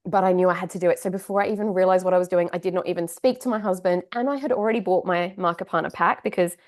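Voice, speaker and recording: A woman's voice: on the low side, fairly even intonation, very fast. Candid, chatty woman telling her story. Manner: candid, chatty, heartfelt, with laughs and side asides. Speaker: podcast guest telling her success story. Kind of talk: casual personal storytelling.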